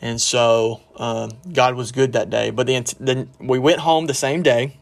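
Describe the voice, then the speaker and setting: A man's voice: mid-range voice, fairly even intonation, measured pace, vocal fry. A middle-aged man preaching a podcast sermon and telling a personal story, earnest, with fillers and restarts. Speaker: pastor.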